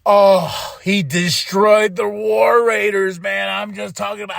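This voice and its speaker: A man hosting a podcast, excitedly recapping a wrestling show in casual chat, laughing and swearing freely. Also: sits high, measured pace, creaky, few pauses, dry recording. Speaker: podcast host.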